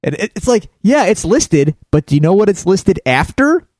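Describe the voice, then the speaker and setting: A man co-hosting a casual comics podcast, ranting in a playfully pedantic, animated way. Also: high voice, moderate pace, hardly any pauses, no room sound, studio quality. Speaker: podcast co-host. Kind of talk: casual chat.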